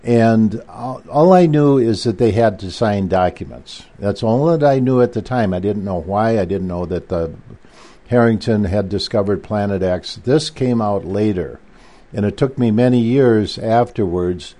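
Low, mellow man recounting at length. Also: measured pace. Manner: rambling, with frequent restarts and asides. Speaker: guest author. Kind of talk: conversational recounting.

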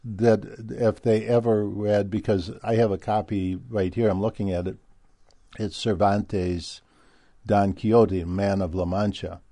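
Midwest guy rambling on, deep voice, dry close sound, lots of uhs. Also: flat delivery, measured pace, warm tone, no echo. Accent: Midwestern American. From Minnesota, US Midwest. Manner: rambling, many fillers and restarts. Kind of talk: casual monologue.

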